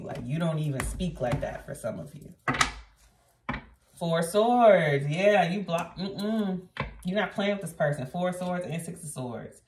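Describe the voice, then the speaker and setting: A woman's voice: sits low, darkish tone, distant mic. A woman giving a casual tarot reading, talking blunt and chatty to her viewers and swearing freely. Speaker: tarot reader. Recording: roomy echo, voice off-mic.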